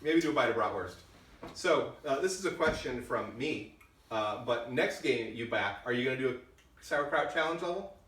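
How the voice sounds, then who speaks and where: A man's voice: medium pitch, lively intonation, moderate pace, fairly bright tone. A man reading backer questions aloud in a casual, dry, matter-of-fact way. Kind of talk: casual chat. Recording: echoey room from far off, faint noise.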